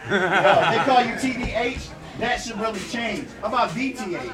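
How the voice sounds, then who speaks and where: A man's voice: high-pitched, normal speed. A man rapping mocking insult rhymes in a live rap battle. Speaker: battle rapper. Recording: roomy, distant live recording over a loud crowd.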